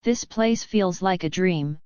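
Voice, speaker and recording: Bold playful boy hero, read by a woman, smooth low voice, dry lo-fi sound. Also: slow pace, a little mellow, no room sound. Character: bold cheerful boy hero who loves adventure.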